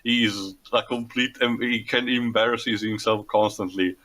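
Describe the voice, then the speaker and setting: A man's voice: lowish voice, fairly even intonation, a little slow, sharp tone. A man giving casual, wry movie commentary as a co-host. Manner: wry, sarcastic quips. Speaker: podcast co-host.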